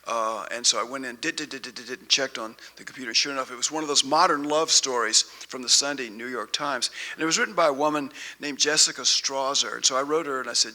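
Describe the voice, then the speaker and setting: Bright-voiced man reading poems. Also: medium pitch. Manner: chatty and halting between poems; unhurried poetic reading. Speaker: poet. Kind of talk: poetry reading with spoken introduction. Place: festival stage before an audience.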